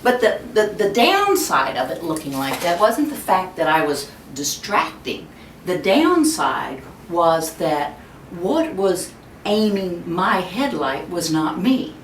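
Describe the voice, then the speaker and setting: Low-voiced woman in her fifties, storytelling. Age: 50s. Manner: animated storytelling, acting out quoted voices. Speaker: speaker on child discipline. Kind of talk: webinar talk. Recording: echoey room, distant mic, faint rumble.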